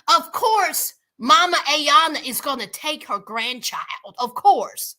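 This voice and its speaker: A woman's voice: high voice, lively intonation, slow pace, few pauses, bright, forceful tone. A woman giving a sassy, emphatic casual recap of a reality TV show.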